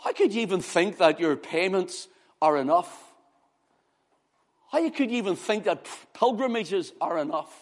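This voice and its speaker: A man preaching an impassioned sermon, swinging from loud exclamations to hushed words. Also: high-pitched, big pitch swings, measured pace, pauses often.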